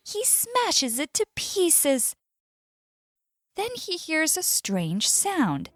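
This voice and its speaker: A woman reads a children's story for learners, slow and clear, with deliberate pacing. Her high voice moves up and down expressively. The recording is dry and close, with soft music underneath. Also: wildly swooping pitch, no echo.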